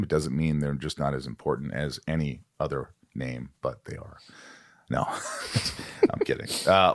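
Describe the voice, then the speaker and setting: A man hosting a podcast, talking in a very low, deep voice with a playful, joking manner as he rattles off names. The sound is dry and close, with no room echo. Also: a bit bright. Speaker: podcast host. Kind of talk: casual chat.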